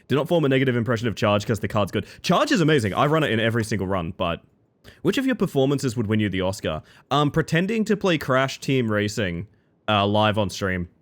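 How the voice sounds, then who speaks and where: A man's voice: medium pitch, a little fast. A man streaming a card game, chatting casually with his viewers and breaking into jokey, mock-dramatic outbursts. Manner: animated, talks to chat while playing, jokey mock-dramatic outbursts. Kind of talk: casual gameplay commentary.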